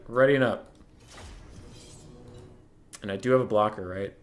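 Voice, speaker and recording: A man's voice: lowish voice, measured pace. A young man streaming a competitive strategy game, chatting casually about matchups and breaking into mock-furious rants. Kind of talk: casual live-stream commentary.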